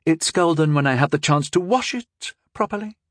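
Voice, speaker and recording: A man voices a haughty, wary young noble girl whose voice is a little shaky. He pitches it a little high, above his own voice but close to an everyday one, speaking animatedly at a moderate pace with clean studio sound and no echo.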